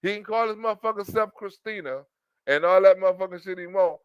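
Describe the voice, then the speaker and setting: A man's voice: high voice, fast talker, clear, resonant tone, dry recording, muffled recording. A man in a casual, profane commentary rant, rambling, laughing often and repeating his fillers. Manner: laughs often, rambling, repeats "you know what I'm saying". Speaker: commentary vlogger.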